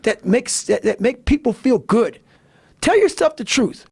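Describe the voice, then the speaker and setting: A middle-aged man giving a blunt, profane motivational talk, swinging between low growls and shouted bursts. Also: sing-song, moderate pace, creaky, slight background noise. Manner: blunt, swearing constantly, fired-up. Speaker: motivational speaker. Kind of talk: intense profane monologue.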